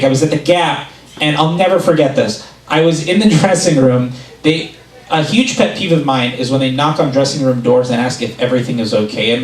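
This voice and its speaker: Man doing stand-up in an echoey club. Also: a little high. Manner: animated storytelling, acts out quotes. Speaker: stand-up comedian. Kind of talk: stand-up comedy set. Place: club stage before a laughing audience. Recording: roomy live club recording, mic at a distance.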